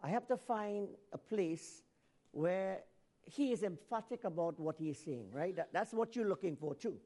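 Man preaching, shouting then dropping low. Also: lively intonation, moderate pace. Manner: swings from shouted emphasis to low, quiet asides; self-correcting, repeats phrases for emphasis. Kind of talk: sermon.

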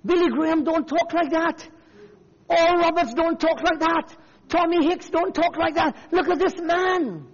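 A man's voice: extremely high pitch, a little slow, long reverb tail, lo-fi sound, pitched above the performer's own voice. A man voicing scornful churchgoers who mock a crude preacher, in a whiny, incredulous tone. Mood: scoffing.

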